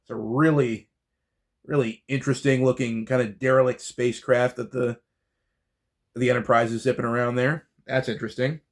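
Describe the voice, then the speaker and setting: Chatty guy doing a book haul video, excited about his finds, middle pitch. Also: normal speed. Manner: enthusiastic, chatty, with fillers and restarts. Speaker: book channel host. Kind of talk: casual book haul vlog.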